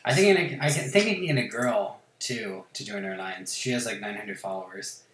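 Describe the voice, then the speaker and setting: A man's voice: on the low side, expressive, fairly quick, fairly bright tone, reverberant, a little hiss or hum. A man hosting a gaming channel, chatting casually while he plays. He rambles and swears a lot, and he mocks himself. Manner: rambling, profane, self-mocking. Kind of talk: casual chat while playing a game.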